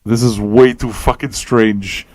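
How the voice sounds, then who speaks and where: A man hosts a radio show in a loose, rambling way, firing off profane questions one after another. He sounds tired and high. His voice is dry, with no room around it. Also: steady tone, slow, a little mellow, no room sound. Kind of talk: casual rambling talk to listeners.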